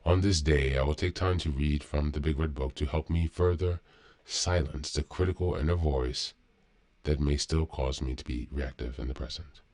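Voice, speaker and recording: A man hosting a daily recovery podcast, reading a meditation aloud and reflecting on it at a calm, measured pace. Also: extremely low pitch. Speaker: podcast host.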